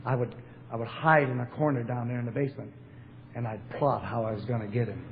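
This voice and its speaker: Speaking fast at a medium pitch with fairly even intonation, an older AA speaker from Portland, Oregon, USA, tells stories to a convention crowd in a large hall. His recovery talk is blunt, full of wry humor and fillers. The hall echoes, and the recording sounds narrow and phone-like with a faint hiss.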